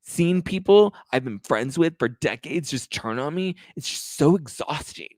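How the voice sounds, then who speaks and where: A man's voice: on the high side, expressive, a little slow, no echo, clean studio sound, pitched above the performer's own voice. A man putting on the voice of a whiny, distraught man who complains in an exaggerated way about his troubles. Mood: exasperated.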